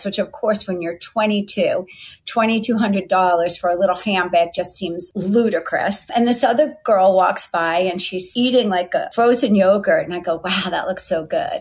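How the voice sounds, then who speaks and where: A middle-aged woman, a company founder, telling a long story from her past in a chatty, lively way, acting out the voices of people she quotes. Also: mid-range voice. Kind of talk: storytelling interview answer.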